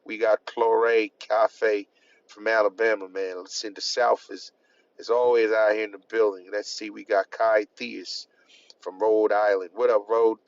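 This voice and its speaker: A man hosting a live stream, calling out viewers' hometowns with casual slang shout-outs. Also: on the low side, little pitch movement, unhurried. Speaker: host. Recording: lo-fi dull sound.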